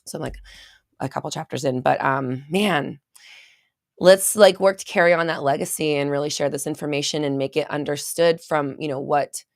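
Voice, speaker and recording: Rambling low-voiced woman on a live stream. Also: steady tone, moderate pace, vocal fry, dry recording, studio quality. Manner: rambling, chatty, reads viewer comments aloud. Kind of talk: casual live stream chat.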